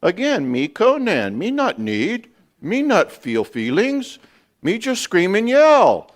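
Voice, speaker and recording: A blunt, dim-witted barbarian who refuses to have feelings, talking in slow, broken caveman phrases, as a man puts him on. Each word lands heavy and deliberate. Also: high voice, wildly swooping pitch, voice pushed up, exaggerated voice. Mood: gruff. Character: dumb grunting barbarian tough guy.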